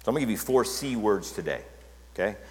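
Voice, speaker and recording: Low-voiced male pastor in a reverberant hall. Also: expressive, quick pace, a little mellow. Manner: conversational, checks in with listeners. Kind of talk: sermon.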